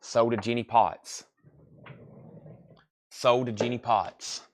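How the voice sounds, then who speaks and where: A tired man with a drawl hosts a live sale, talking in a relaxed, folksy patter. He sounds sleepy but keeps the sales talk going, friendly and unhurried. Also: medium pitch, a little hiss or hum. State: sleepy, yawning. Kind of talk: live auction selling.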